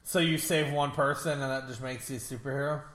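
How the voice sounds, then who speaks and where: Guy laughing thru a rambly story, bright slightly high voice, echoey room. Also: fairly even intonation, fairly quick. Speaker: co-host. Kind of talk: casual chat while watching a film.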